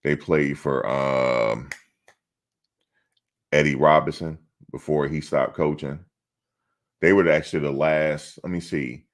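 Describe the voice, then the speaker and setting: A middle-aged man with a bass voice hosts a sports channel live stream, chatting casually and answering his chat in a blunt, streetwise way.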